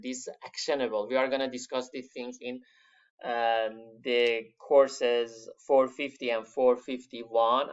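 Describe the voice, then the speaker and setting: Halting male lecturer, dull lo-fi recording. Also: medium pitch. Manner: halting, many fillers, stresses key words; addresses students as "my friends". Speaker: university lecturer.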